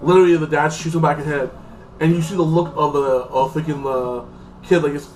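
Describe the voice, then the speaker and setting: A man with a fairly high, steady voice talks fairly quickly, with a slightly mellow sound and a faint hiss or hum. He gives a casual, rambling movie review, saying "like" constantly and acting out the characters. He sits a bit far from the mic, with faint music in the background.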